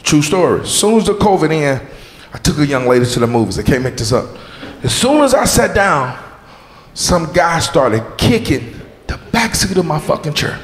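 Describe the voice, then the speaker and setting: On a club stage, a man performs stand-up loudly and with lots of energy, shouting punchlines, making sound effects, and calling out audience members and crew. His voice is a little high and his pace moderate. The roomy club echo carries crowd noise and audience laughter.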